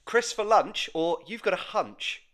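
A man co-hosting a casual comedic podcast, dry and low-key, firing off quick quiz questions. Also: animated, fairly bright tone. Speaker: podcast co-host.

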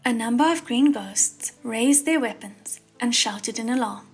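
Woman reading a novel audiobook, kinda high, husky, soft music under it. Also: a little slow. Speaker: audiobook narrator. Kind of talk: scripted audiobook narration. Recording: narration over faint background music.

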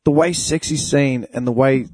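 A man's voice: mid-range voice, normal speed, a little mellow, slightly rough, no echo. A man in casual chat who laughs a lot and chimes in with short crude remarks.

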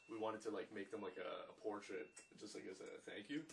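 Young man, from Canada, slangy casual talk, rapid, slightly distant mic, faint noise. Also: lowish voice, steady tone, gravelly. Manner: slangy, fast, peppered with "dude" and "man". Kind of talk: casual chat.

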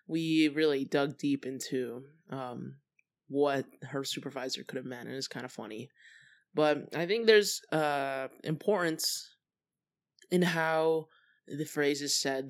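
Young adult podcast host, mid-pitched voice, loose and chatty delivery full of ums and trailing thoughts. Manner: relaxed, chatty, with many fillers and trailing thoughts. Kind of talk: casual solo podcast talk.

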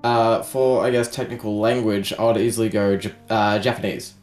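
A man's voice: on the low side, little pitch movement, moderate pace, a little mellow, roomy sound, soft background music. A young man with an Australian accent, chatting casually and telling anecdotes. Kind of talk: casual podcast chat.

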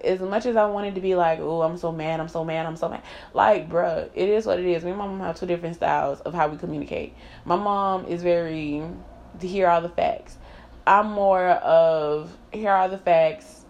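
A woman speaks straight to camera in a personal vlog, blunt and emphatic, cursing casually and laughing as she talks. Her voice sits on the lower side. The recording is slightly muffled and lo-fi. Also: a little mellow. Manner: candid and emphatic, swearing freely, laughing often. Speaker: vlogger. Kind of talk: candid personal monologue. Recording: slightly dull lo-fi sound.

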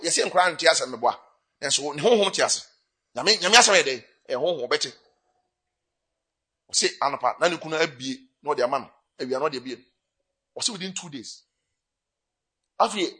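A man with a Ghanaian accent delivers a sermon, moving between Twi and English. His voice sits high and bright, with a husky edge, and he rises into fervent bursts of emphasis. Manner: preaching with rising bursts, mixing Twi and English. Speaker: pastor.

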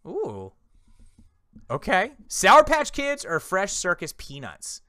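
Male podcast co-host in his 30s, teasing quizmaster, bright tone, dry close sound. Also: high voice, wildly swooping pitch, takes it slowly, no room sound. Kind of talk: casual chat.

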